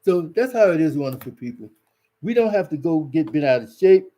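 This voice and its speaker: A man's voice: fairly high pitch, very animated, brisk, dark tone. A man giving preachy religious advice on relationships, folksy and exhorting, repeating words for emphasis.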